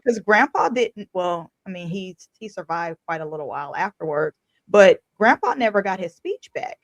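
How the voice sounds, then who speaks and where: A woman hosting an interview, telling a personal story in an animated, expressive, colloquial way. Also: lowish voice, normal speed, dry recording. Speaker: host. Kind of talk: conversational interview.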